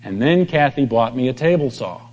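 A middle-aged pastor giving a conversational sermon, telling stories and acting out quoted voices. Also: male voice, medium pitch, expressive, a little fast, darkish tone, lo-fi sound. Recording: long hall reverb.

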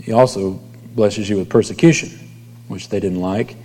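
A man's voice: on the low side, normal speed, darkish tone. Preaching man in a reverberant hall. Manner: conversational preaching, dropping to near whispers at line ends. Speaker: pastor. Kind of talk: sermon.

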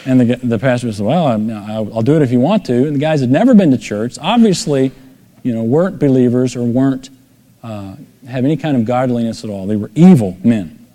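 A man's voice: mid-range voice, lively intonation, a little fast, dark tone. A middle-aged man preaching a sermon, telling stories and acting out the voices in them with sudden emphatic rises. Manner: storytelling, acts out quoted voices with emphatic rises. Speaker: pastor. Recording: long hall reverb.

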